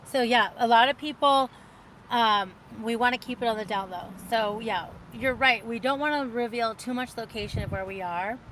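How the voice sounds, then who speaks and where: A woman's voice: on the high side, normal speed, a bit bright, slight background noise, poor audio. A woman hosting a casual livestream, chatting in a rambling way and reading out viewer comments. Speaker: livestream host.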